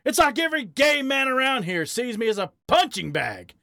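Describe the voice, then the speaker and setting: A man's voice: medium pitch, expressive, unhurried, creaky, fairly bright tone, no echo, studio quality, heavily acted. A man voicing a tired, bitter gay badger who growls out his grievances. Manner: growling, weary.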